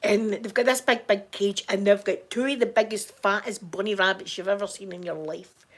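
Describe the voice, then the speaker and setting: A middle-aged Scottish woman, hoarse from crying, chatting casually to her viewers in a halting way, repeating words and restarting sentences. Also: medium pitch, steady tone. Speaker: vlogger talking to viewers. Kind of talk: casual chat.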